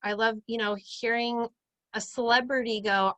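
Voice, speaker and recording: Upbeat woman host in her thirties, chatty, bright voice, dry close sound on a video call. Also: fairly high pitch, steady tone, normal speed, no echo, low-quality recording. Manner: chatty and upbeat, acts out quoted lines. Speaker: group chat host. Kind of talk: casual motivational group video chat.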